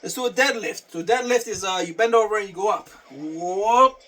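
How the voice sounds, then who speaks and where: A man's voice: high voice, fast talker, fairly bright tone, far from the mic. A man talking casually through his day and a workout, repeating phrases and swearing offhand. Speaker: vlogger.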